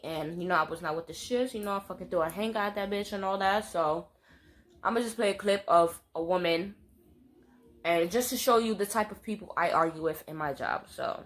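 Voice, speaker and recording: A woman's voice: lowish voice, a little fast. Young woman, storytime vlog, blunt and profane, fiery, rambling, casual. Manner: rambling, with many fillers. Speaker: storytime vlogger.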